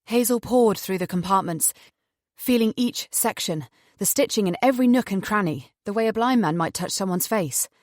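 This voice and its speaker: A woman narrating a thriller audiobook in a measured, even storytelling manner. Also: mid-range voice, dry recording, clean studio sound.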